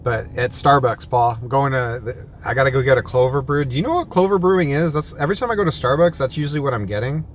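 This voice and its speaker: A man's voice: medium pitch, fast talker, few pauses. Everyday male rideshare vlogger, rambling storyteller, noisy phone recording with car sounds. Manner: rambling storytelling with many restarts. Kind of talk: casual chat. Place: in a car and at a sandwich shop.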